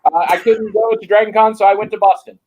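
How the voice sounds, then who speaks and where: A man's voice: high-pitched, fairly even intonation, fast talker, darkish tone, poor audio. A man speaking as a panelist and co-director over a video call, in a wry, joking way.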